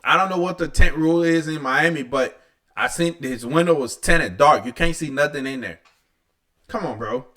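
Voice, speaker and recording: Guy reacting to a clip, high bright voice, blunt and fed up, swears a lot. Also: normal speed. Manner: blunt, exasperated, profane. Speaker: reaction video host. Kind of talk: casual reaction commentary.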